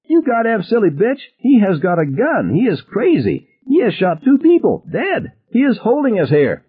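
A man voicing a panicked, defiant teenage boy who yells shrilly. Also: lively intonation, fairly quick, slightly rough, narrow, tinny audio. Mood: hysterical. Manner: shrill frantic yelling.

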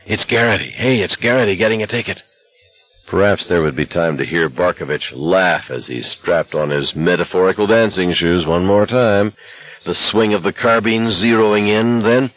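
A man giving scripted audiobook narration in a measured, somber storytelling manner. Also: low voice, no room sound, muffled recording.

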